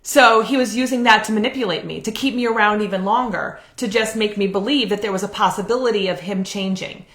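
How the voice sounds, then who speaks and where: A woman's voice: mid-range voice, a little fast, few pauses, fairly bright tone. A woman counselor giving a candid, earnest live talk and drawing on her own experiences. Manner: candid, earnest, uses personal examples. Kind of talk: live video talk on relationships. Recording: roomy echo.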